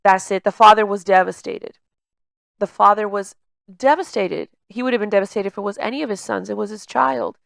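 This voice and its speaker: With a gravelly, mid-range voice, a woman talks fast and barely pauses as she gives a casual emotional intelligence coaching session, recorded dry. Her conversational style is packed with "like" and "you know," and a slight stutter causes her to repeat words partway through sentences.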